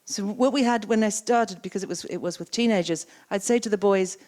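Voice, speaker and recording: Fairly quick and a little mellow, this medium-pitched woman gives a coaching keynote on a conference stage. She works the room as a coaching trainer, echoing the audience and asking them questions.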